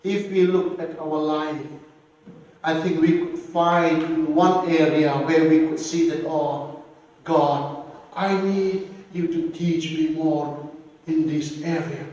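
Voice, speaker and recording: Slow echoey preacher man. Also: fairly high pitch, fairly even intonation, a little mellow, muffled recording. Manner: slow, earnest preaching with repeated phrases and emphatic rises. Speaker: pastor. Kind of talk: sermon. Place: church hall. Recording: echoey church hall, voice from a distance.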